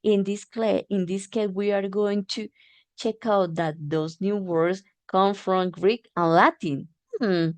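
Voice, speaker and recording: A woman teacher giving a demo phonics lesson, patiently repeating words slowly and clearly and encouraging her learners. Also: mid-range voice, steady tone, dry recording.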